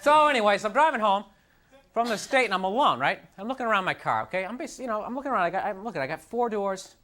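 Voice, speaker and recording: Pushed and bright, this man's high voice is animated and quick as he works a comedy club crowd. The set is self-deprecating and exasperated, full of "like" and "you know," captured live with the audience laughing.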